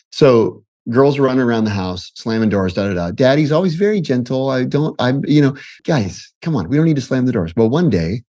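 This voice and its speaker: A man in his forties, a podcast guest, telling casual stories in an animated way, often breaking off and laughing. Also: sits low. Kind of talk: casual storytelling.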